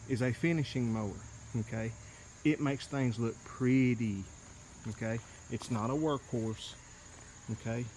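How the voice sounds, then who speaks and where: A man's voice: medium pitch, fairly bright tone, slight background noise. Plainspoken man, out of breath outdoors. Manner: plainspoken, repeats "okay?" to drive points home. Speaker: lawn care business owner. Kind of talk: casual outdoor vlog talking to camera. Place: outdoors on a mountain hillside.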